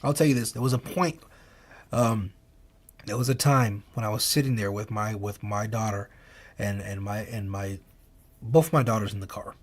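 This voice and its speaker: A man's voice: on the low side, steady tone, moderate pace. A man co-hosting a casual podcast conversation, an earnest, emphatic storyteller who repeats his key phrases. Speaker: podcast co-host and father.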